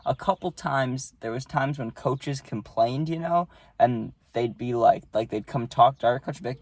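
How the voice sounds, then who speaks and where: A man's voice: medium pitch, moderate pace, hardly any pauses, a little mellow, dry recording. A young man casually telling a story to camera, rambling and swearing, with lots of "you know" and "right".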